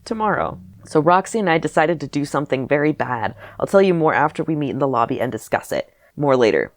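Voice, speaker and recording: Woman, low voice, wry self-mocking reader, comic asides, dry recording. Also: lively intonation, fast talker, no room sound. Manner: wry, self-mocking, laughs while reading. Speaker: host reading her childhood writing aloud. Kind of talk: comedic reading of old diary with commentary.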